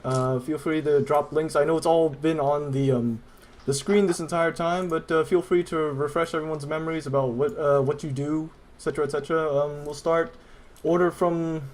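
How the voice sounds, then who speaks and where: A woman's voice: low voice, steady tone, normal speed, a little mellow, a little hiss or hum. Hesitant woman podcast co-host. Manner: hesitant, many fillers. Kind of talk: casual chat.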